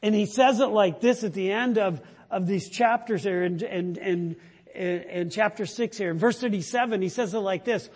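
Man preaching slow, husky and kinda high-pitched, swings from loud to hushed, long echo off the hall. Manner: slow, emphatic preaching that swells loud then drops to a hush. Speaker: pastor. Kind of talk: sermon.

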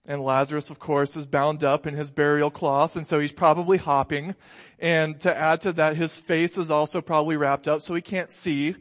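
A man preaching a sermon in a relaxed, conversational way, telling stories with light humor. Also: fairly high pitch, normal speed. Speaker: pastor.

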